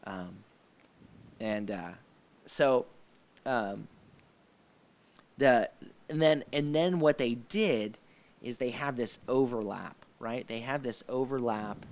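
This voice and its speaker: A man's voice: mid-range voice, takes it slowly, long pauses. A man hosting a casual live faith discussion, speaking with many fillers and restarts and sounding keen about the scenes he recalls. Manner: enthusiastic about the scenes he describes. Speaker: host of a faith discussion show.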